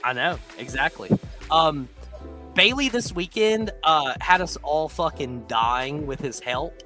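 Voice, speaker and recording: Brief: male podcast co-host, slightly high voice, rambling profane storyteller, music bed clearly behind. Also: expressive, measured pace, sharp tone. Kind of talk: casual race-weekend recap chat.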